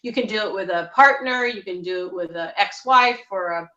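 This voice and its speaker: Woman, therapist guest, earnest explainer, bright voice, distant from the mic. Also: mid-range voice, normal speed, dull audio. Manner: earnest, explains with everyday examples. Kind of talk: interview, giving advice.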